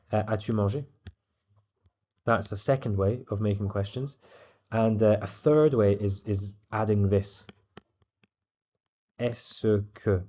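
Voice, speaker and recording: Male tutor, calm explanatory delivery with frequent fillers, warm low voice. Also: highs cut off. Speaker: French teacher.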